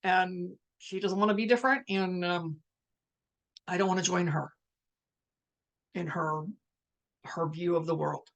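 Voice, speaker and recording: A middle-aged woman hosting a live spiritual talk, speaking in a reflective, musing way with many restarts and pauses, and now and then putting on the voices of family members. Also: fairly low pitch, vocal fry. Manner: quotes family conversations in lively voices. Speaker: spiritual empath host.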